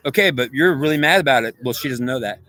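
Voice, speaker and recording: A man's voice: mid-range voice, expressive, fast, sharp tone, low-quality recording. A man delivering a rambling spiritual monologue, insistently repeating himself and often asking whether the listener understands. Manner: repetitive, insistent, asks "do you understand"; frequent restarts and stammered repeats.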